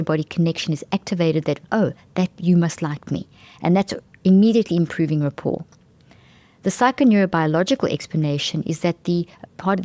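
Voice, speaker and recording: Warm, low-voiced woman explaining with enthusiasm. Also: no echo. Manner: enthusiastic, emphatic, restarts phrases mid-sentence. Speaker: podcast host. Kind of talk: explanatory talk on brain science.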